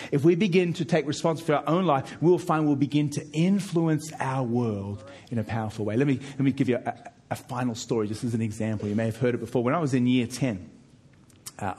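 Preaching with force, a middle-aged pastor leans on repetition and lifts his voice louder and higher on the points that matter. His voice sounds husky.

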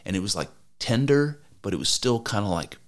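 A man's voice: fairly low pitch, very animated, a little fast. A man co-hosting a podcast, telling rambling, profane stories full of restarts in casual chat. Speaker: podcast co-host.

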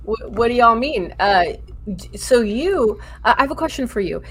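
A woman's voice: on the high side, animated, moderate pace, breathy edge. A woman hosting a podcast, asking her guest questions in a curious, hesitant way. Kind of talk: casual podcast conversation.

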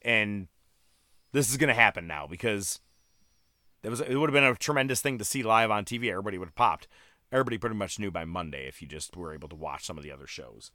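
Podcast host, male, low voice. Loose, profane storyteller, close dry mic. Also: fast talker, bright, forceful tone, no room sound. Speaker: podcast host recapping wrestling. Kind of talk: casual chat.

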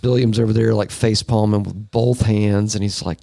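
A man with a drawl chats casually on a podcast. He jokes loosely and swears freely, in a fairly low voice. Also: fairly even intonation, normal speed, vocal fry, dark tone, no echo, clean studio sound. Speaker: podcast co-host. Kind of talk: casual chat.

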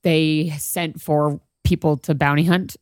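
A woman's voice: low-pitched, fairly even intonation, slow pace, a little mellow, dry recording. Playful woman player, dry sound. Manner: confident, playful, laughs often. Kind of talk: tabletop game role-play.

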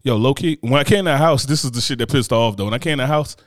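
A man chatting as a podcast co-host, telling comic stories in a profane, animated rant with mocking voices. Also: medium pitch, rapid-fire, dry recording, studio quality. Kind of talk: casual chat, comic storytelling.

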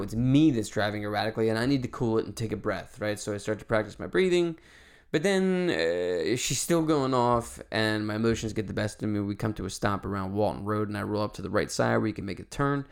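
A man's voice: on the low side, gravelly. A man in his forties hosting a solo podcast, telling a story in a candid, rambling way with lots of fillers and some swearing. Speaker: podcast host.

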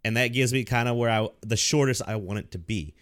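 A man's voice: medium pitch, brisk, a bit bright, dry recording, studio quality. A young man telling a story in casual chat, laughing often and swearing freely, talking into a desk mic on a call. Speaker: podcast co-host.

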